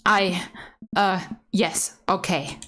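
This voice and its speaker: A young woman streaming a game, reading its text aloud in a casual way, dropping into whispered asides and high squealing laughs. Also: steady tone, very slow, music in the background.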